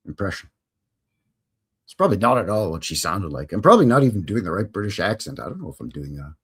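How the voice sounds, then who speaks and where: A male host talks through history on a live stream in a loose, chatty way, full of jokes and side remarks. His voice swings widely in pitch as he rambles. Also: slightly rough. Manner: chatty, joking, rambling asides.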